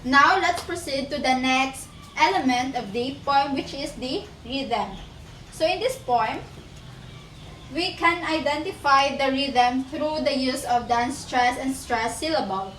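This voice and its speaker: A woman teacher walks a class through a poem, counting stanzas and syllables aloud in a slow, patient way. Her voice sits high, and she sounds set back from the mic in an echoey room with faint noise behind. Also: fairly bright tone, far from the mic. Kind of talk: teaching demonstration lesson.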